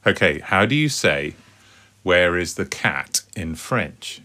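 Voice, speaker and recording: A man's voice: deep voice, big pitch swings, takes it slowly, pushed and bright. A middle-aged man co-hosting a home podcast with his daughter, chatty and upbeat. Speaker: co-host, father. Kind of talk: casual family podcast chat.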